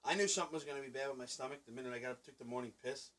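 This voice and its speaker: A man co-hosts a casual podcast chat and gives short, quick replies. He talks fast, at an ordinary pitch. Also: a bit bright. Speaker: co-host.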